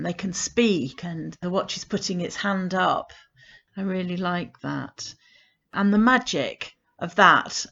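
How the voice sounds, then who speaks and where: A woman reads a poem aloud expressively at an unhurried pace. She then talks about it with fond enthusiasm, and her voice comes through a slightly dull, lo-fi recording. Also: fairly low pitch, gravelly, a bit bright. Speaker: poetry collective director. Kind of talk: reflective spoken commentary on a poem.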